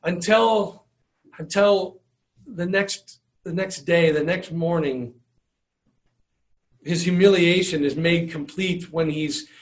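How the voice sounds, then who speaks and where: A man's voice: fairly high pitch, slow, pauses often. A man preaching a sermon in an earnest way, often repeating words and restarting his phrases. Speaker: pastor.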